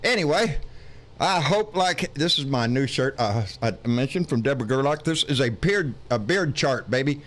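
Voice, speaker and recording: A man's voice: mid-range voice, animated, normal speed, fairly bright tone. A man with a Texan accent hosting a live political stream, folksy and rambling, swearing often with lots of fillers.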